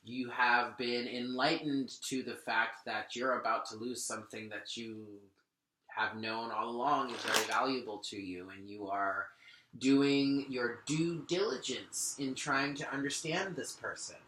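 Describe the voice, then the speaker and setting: A man's voice: medium pitch, unhurried, very noisy. A man giving a spoken tarot reading, talking earnestly and directly to the listener while shuffling and laying out cards. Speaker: tarot reader. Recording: echoey room.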